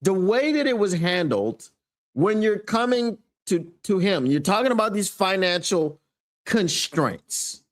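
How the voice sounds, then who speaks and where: An emphatic man hosts a fan sports show, commenting in an animated, casual way. His voice sits a little high and moves a lot, and he laughs often between his points. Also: a little slow.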